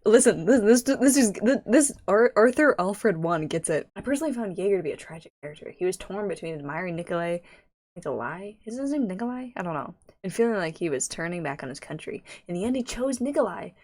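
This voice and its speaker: A young woman giving excitable reaction commentary as a YouTuber, giddy and rambling, often squealing and laughing. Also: lowish voice, fast. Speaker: YouTuber reacting to fan videos.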